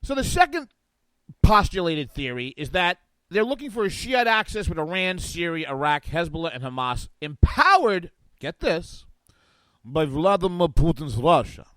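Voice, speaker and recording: Animated high-voiced talk radio man. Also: normal speed, dry recording, rough recording. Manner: animated and sarcastic, reading from an article and riffing on it. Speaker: guest radio talk show host. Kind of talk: political talk radio commentary. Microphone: studio microphone.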